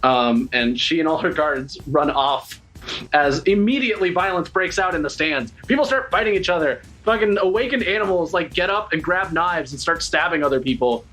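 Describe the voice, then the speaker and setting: A man's voice: fairly high pitch, expressive, moderate pace, bright, forceful tone. Casual man narrating as game master. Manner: casual, swearing, laughing narration.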